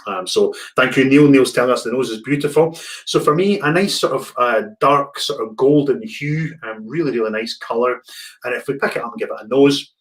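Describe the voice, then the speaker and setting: Man, tasting host, chatty and halting, repeats words, mid-pitched voice, video call. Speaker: whisky distillery representative hosting a tasting. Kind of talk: online tasting presentation.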